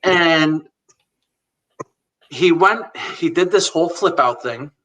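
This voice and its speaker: Speaking slowly in a slightly high voice, a forties-aged man recounts his life as a live chat guest, bright and forward in tone. He's candid and plain-spoken, quoting past conversations word for word with an occasional laugh. His voice comes across a bit far from the microphone.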